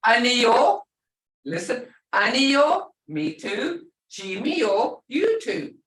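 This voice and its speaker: A woman's voice: on the high side, big pitch swings, very slow, a bit bright. An older woman teaching a language class, explaining patiently and repeating words, often with a laugh. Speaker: language instructor. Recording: echoey room, far from the mic.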